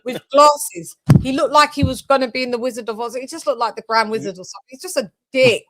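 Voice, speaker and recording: Blunt, fairly high-voiced woman. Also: fast talker. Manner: blunt, swears freely. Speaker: host. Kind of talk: casual podcast chat.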